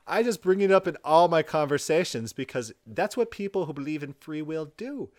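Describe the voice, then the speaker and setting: A man's voice: fairly high pitch, big pitch swings, normal speed, hardly any pauses. A man giving sarcastic rebuttal commentary with mocking, mock-exasperated outbursts.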